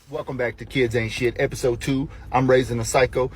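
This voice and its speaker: A man telling comic stories about his kids, animated and profane, with sudden loud outbursts. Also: mid-range voice, brisk, hardly any pauses, slight background noise. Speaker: storyteller, father of young kids. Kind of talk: comic storytelling with voiced quotes.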